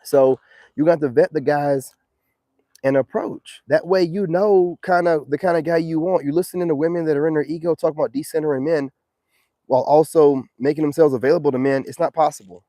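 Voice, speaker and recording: A man's voice: a little high, fairly even intonation, brisk, mellow, dry recording. A man hosting a casual livestream, giving streetwise dating advice in a preachy manner and reacting to viewer comments.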